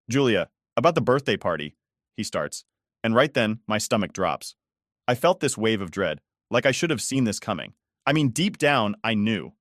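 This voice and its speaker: A man reading a scripted first-person family story aloud, with steady storytelling delivery. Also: lowish voice, dry recording, clean studio sound. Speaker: narrator.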